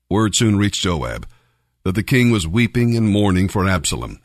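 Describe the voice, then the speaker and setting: A man reading a Bible passage aloud as scripted narration, in a measured, even way. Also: deep voice, dry recording, clean studio sound. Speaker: Bible reader.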